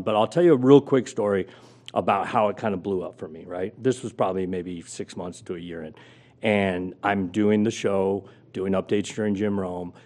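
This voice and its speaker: Low-pitched and somewhat dark in tone, a middle-aged man recounts his career as an interview guest. Formerly a sports radio host, he performs the quotes with dramatic jumps in his voice.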